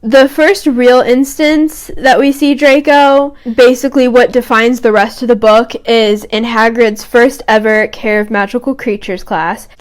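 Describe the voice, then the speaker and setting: Young woman podcast host, bit high voice, chatty storytelling. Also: unhurried, few pauses. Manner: reads book quotes aloud, animated retelling. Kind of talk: casual fan discussion.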